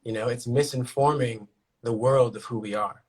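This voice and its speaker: A man's voice: mid-range voice, steady tone, moderate pace, crowd noise. A man speaking as a podcast guest, talking passionately and repeating his points for emphasis. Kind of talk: casual conversation.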